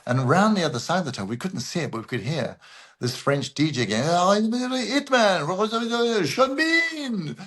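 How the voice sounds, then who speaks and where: A man at mid pitch tells stories to podcast hosts. He is an animated raconteur who acts out the people he describes. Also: quick pace. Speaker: guest voice actor. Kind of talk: anecdotal interview storytelling.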